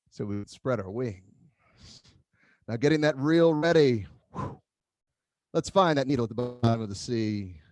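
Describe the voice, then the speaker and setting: A man leading an online tai chi class, giving calm movement cues with playful whoops. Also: mid-range voice, dry recording, clean studio sound. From Philadelphia area.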